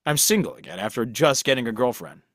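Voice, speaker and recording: A man's voice: medium pitch, expressive, fast talker, dry recording, studio quality. A young man co-hosting a podcast, talking casually in a rambling, self-deprecating way, with lots of restarts and fillers. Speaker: podcast co-host. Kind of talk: casual chat.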